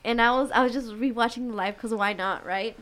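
Woman, slightly high voice, earnest casual faith chat, lots of fillers. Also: fairly quick, fairly bright tone. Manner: earnest, chatty, many fillers. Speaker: co-host of a faith talk.

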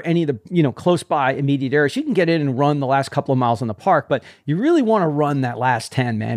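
An older man chatting casually as a running host, animated and swearing freely, calling people "man". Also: mid-range voice, dry recording, clean studio sound. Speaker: running coach and podcast host. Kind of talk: casual chat.

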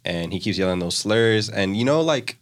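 Deep-voiced young man, rambling casual story. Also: moderate pace. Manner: relaxed, rambling retelling full of "like" fillers. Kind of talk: casual chat.

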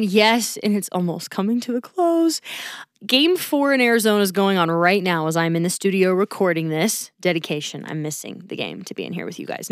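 A woman hosts a casual solo sports roundup, chatty and upbeat, her voice rising and dipping as she moves from topic to topic. She sits at a mid pitch, close and dry in a small studio. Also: dry recording. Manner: chatty, upbeat, lively ups and downs. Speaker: sports podcast host. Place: recording studio.

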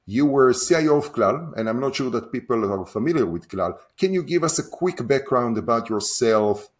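A man's voice: mid-range voice, expressive, moderate pace. A man in his forties with an Israeli accent, a podcast host chatting in a loose, self-deprecating way. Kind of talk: casual interview chat.

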